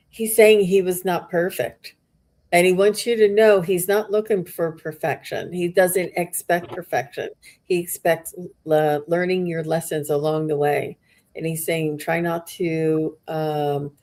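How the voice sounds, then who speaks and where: A woman hosting a live mediumship reading, relaying messages slowly with halting pauses. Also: lowish voice, darkish tone. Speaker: psychic medium host.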